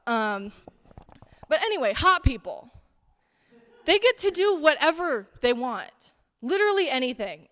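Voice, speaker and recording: A woman's voice: on the high side, fairly bright tone, smooth. A young woman performing a stand-up set on a theater stage with a handheld mic, chatty and self-deprecating, full of "like". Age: young adult. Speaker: student stand-up comedian. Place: theater stage, tiny live audience. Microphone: handheld stage microphone. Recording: long reverb of a theater hall.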